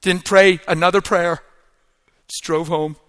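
A middle-aged man preaching a personal testimony, moving from hushed, whispered prayer to loud, emphatic exclamations. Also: high-pitched, fairly even intonation, a little slow, clear, resonant tone. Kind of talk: sermon testimony.

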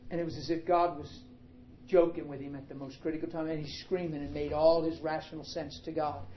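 A pastor preaching a sermon, telling a story dramatically and acting out what people said. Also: male voice, a little high, level tone, a little fast, muffled recording, slight background noise.

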